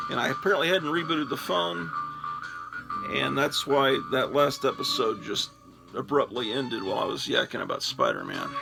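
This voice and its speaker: An older man chats on and on in a loose, rambling way, poking fun at himself. His voice sits a bit high and has a gravelly rasp. Music plays clearly behind him, and he records on a phone. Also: poor audio. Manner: rambling, chatty, self-deprecating. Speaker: host. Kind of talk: casual solo chat while sorting comics.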